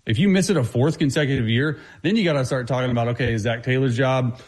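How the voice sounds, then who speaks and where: A man who is a guest football analyst, talking quickly and confidently through his breakdown, with frequent restarts. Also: medium pitch. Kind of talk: casual sports talk.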